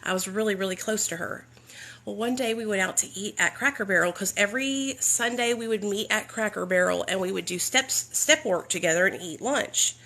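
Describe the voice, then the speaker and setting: A woman's voice: mid-range voice, fairly quick. A woman with a Southern US accent telling a candid, profane story about her recovery. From Southern United States. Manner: blunt, profane, animated.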